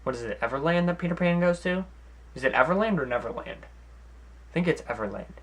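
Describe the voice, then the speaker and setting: A young man hosting a comedy vlog from home, giving mock advice in a deadpan, sarcastic way with rambling asides. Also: fairly high pitch, a little fast. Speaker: vlog host. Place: at home, sitting in front of a camera.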